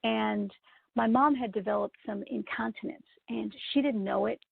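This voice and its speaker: A woman's voice: a little high, normal speed, vocal fry, slightly rough, no room sound. A woman giving a storytelling talk to event professionals, telling a personal anecdote with asides to her listeners. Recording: tinny phone-like dry sound.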